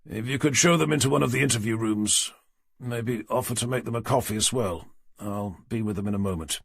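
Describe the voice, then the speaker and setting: A man's voice: mid-range voice, fairly quick, gravelly, breathy edge, no echo. A man reading a sardonic detective inspector. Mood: dry, sardonic. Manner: dry, commanding, sardonic. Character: gruff weary middle-aged male detective inspector. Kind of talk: audiobook character reading.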